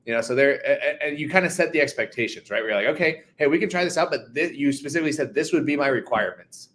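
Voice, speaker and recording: A man's voice: mid-range voice, expressive, rapid-fire, fairly bright tone. A man co-hosting a live lesson, talking loosely with lots of "like" and "right?". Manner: loose and conversational, full of "like" and "right?". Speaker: co-host. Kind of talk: casual live-stream teaching.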